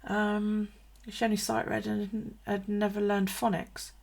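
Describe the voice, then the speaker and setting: A woman's voice: medium pitch, monotone, unhurried, gravelly, a little mellow. A woman in her thirties chatting casually and swearing freely during a live stream, answering viewers as she talks. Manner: chatty, sweary, laughs a lot, reads and answers viewer comments. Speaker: bullet journal vlogger.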